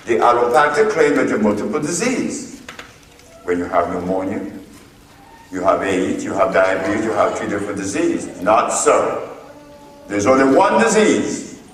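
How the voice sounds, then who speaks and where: A man giving a public lecture, speaking deliberately and posing rhetorical questions to his audience. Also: medium pitch, slight background noise. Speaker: lecturer addressing a group. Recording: echoey hall, voice from far off.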